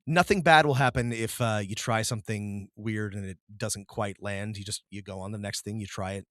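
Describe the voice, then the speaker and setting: A male podcast co-host talks casually at a moderate pace, his fairly low, slightly bright voice keeping a fairly even intonation. He rambles with frequent restarts and laughs, and the studio sound has no echo.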